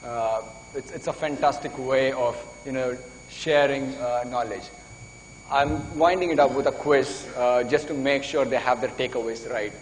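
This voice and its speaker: A man's voice: medium pitch, fairly even intonation, moderate pace. A man giving a live conference talk, eager and urging the audience, calling for applause. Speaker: conference speaker. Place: conference hall. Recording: reverberant conference hall, faint noise.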